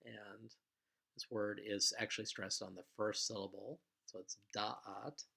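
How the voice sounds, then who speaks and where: A man teaching a recorded vocabulary lesson in a patient, explanatory way, with frequent pauses and fillers. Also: lowish voice, little pitch movement, creaky, sharp tone, breathy edge.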